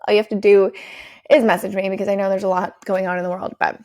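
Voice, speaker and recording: A woman hosting her own podcast, giving an energetic, swearing pep talk to her listeners. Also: mid-range voice, fast, dry recording, studio quality. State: out of breath. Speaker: podcast host and business coach. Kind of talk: solo podcast monologue.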